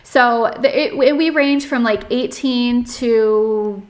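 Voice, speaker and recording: A woman's voice: on the high side, takes it slowly. A young woman from North Carolina, a podcast guest telling her story in casual talk, full of "like" and restarts. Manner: chatty, many fillers and restarts, frequent "like". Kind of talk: casual interview, personal story.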